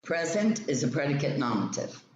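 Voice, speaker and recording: Guy reading grammar lesson slow n methodical, kinda echoey room, faint hiss in the back. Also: fairly high pitch, big pitch swings. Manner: slow, methodical explanation with example sentences. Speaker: teacher. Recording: roomy, dull lo-fi sound with faint ambient noise.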